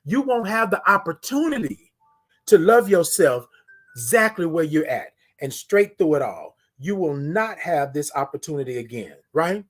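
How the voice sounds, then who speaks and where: A man. He preaches affirmations, repeats himself for emphasis, and drops from loud calls to near-hushed tones. He sounds close to a phone or webcam mic. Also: on the high side, very animated, normal speed, faint music behind. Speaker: morning show host. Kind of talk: motivational live-stream talk.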